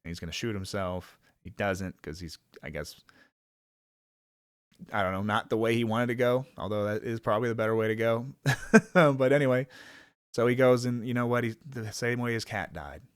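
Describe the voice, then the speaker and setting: A man's voice: lowish voice, moderate pace, clear, resonant tone, no room sound, studio quality. A man giving a rambling, casual film review, full of fillers and swearing, sometimes acting out characters in a raised voice.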